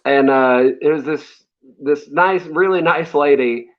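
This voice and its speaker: A man's voice: on the high side, unhurried. A man telling stories as an interview guest in casual chat, laid-back and rambling with fillers and small laughs. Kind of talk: casual storytelling. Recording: dull lo-fi sound.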